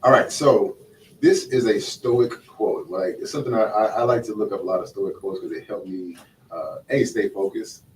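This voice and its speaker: A man hosting a podcast in casual chat, slangy and checking in with "right?" as he talks. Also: lowish voice. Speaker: podcast host. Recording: echoey room, mic at a distance, faint noise.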